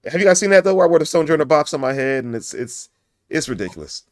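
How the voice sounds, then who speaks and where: A man's voice: a little high, big pitch swings, fast talker, dry recording, clean studio sound. Goofy joking podcast host, a man. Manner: joking, goofy, laughs often. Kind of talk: casual podcast chat.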